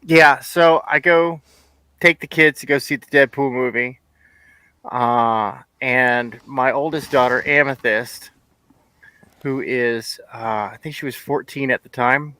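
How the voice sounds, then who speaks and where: A man in his forties, co-hosting a podcast, telling an animated story in casual chat and laughing often. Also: medium pitch, takes it slowly, clean tone, rough recording. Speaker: podcast co-host.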